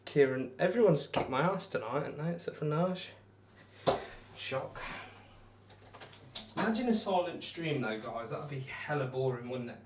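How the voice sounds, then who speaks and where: Over very noisy audio, a young adult male streamer throws darts and chats loosely, rambling and mocking himself while reading out and replying to viewer comments. His voice is fairly high and expressive, at normal speed.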